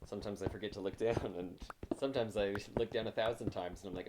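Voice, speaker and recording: A man's voice: lowish voice, fairly even intonation, a little fast. A man chatting casually with his viewers during a livestream, rambling and self-deprecating, talking into a mic set close in front of him. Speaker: game streamer. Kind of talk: casual livestream chat while gaming. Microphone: new mic mounted close in front of him. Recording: loud background noise.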